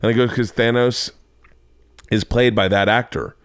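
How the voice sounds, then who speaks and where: A man's voice: mid-range voice, normal speed, dry recording, studio quality. A man in his forties hosting a podcast, telling stories in casual chat, acting out dialogue and swearing. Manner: animated storyteller, acts out dialogue, swears. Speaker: podcast host.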